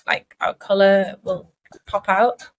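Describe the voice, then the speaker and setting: A woman's voice: mid-range voice, fairly even intonation, slow pace, rough recording. A woman with a Geordie accent co-hosting a podcast, chatting casually and thinking aloud with many asides. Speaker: podcast co-host.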